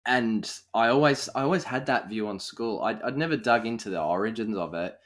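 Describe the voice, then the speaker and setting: A man's voice: on the low side, a little fast. A young Australian man hosting a casual interview, musing aloud in a thoughtful, conversational way with frequent fillers. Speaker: podcast host.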